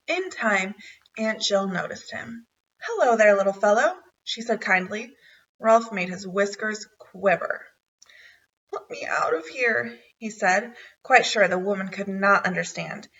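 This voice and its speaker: A woman's voice: mid-range voice, bright, forceful tone, recorded from a distance, lo-fi sound. A woman reading a children's chapter book aloud, narrating expressively. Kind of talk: storybook read-aloud.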